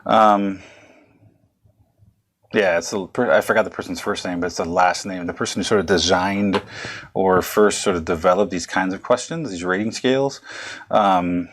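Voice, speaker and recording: Male lecturer, low voice, rambling conversational delivery with many restarts. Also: moderate pace, a little hiss or hum. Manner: rambling, self-correcting, conversational. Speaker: psychology lecturer. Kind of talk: recorded lecture.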